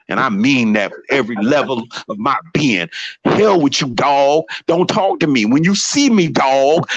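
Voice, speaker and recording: A man talking casually on a live stream, animated and heated, repeating himself as he makes his point. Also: fairly high pitch, dry recording. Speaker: guest on a live show.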